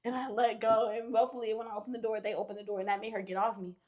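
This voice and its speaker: A young woman with a fairly high voice tells her story on a podcast in a casual, slangy way. She swears freely and keeps jumping into loud, shouted moments. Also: racing. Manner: animated, swearing, slangy retelling with shouted quotes. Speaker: podcast guest.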